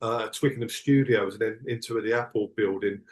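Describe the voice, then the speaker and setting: A man's voice: fairly low pitch, fairly even intonation, fairly quick. A middle-aged man, a tour manager guest on a podcast, chatting casually in a reflective, rambling way with many restarts. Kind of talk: casual chat.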